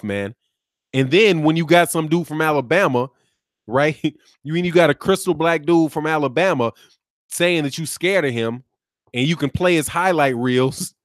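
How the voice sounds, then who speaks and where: Boxing live-stream host, Midwest American man, pitched a touch high, dry sound, loose and mocking, laughs a lot. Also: dry recording. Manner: animated, laughing, mocking, drops slang like "man" and "dog". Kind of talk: live-stream commentary reading chat.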